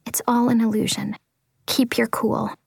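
A woman voicing a calm, gentle female music teacher who speaks softly and sometimes in a hushed whisper. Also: medium pitch, normal speed, dry recording, natural voice. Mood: soothing. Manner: soft, hushed, partly whispered.

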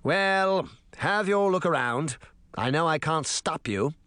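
A pompous, scornful mayor , voiced by a man, snaps and sneers with a lively, swinging pitch. The sound is dry and close. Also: slow, no echo. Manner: snappy, dismissive, smug. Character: pompous, scornful middle-aged male mayor.

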